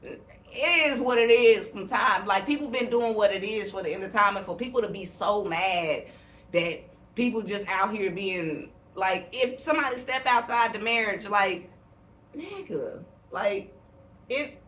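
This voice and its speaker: A woman's voice: medium pitch, unhurried, fairly bright tone. A young woman co-hosting a podcast, talking bluntly and animatedly with lots of swearing. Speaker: podcast co-host. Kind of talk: casual podcast chat. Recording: roomy, distant mic, faint hiss.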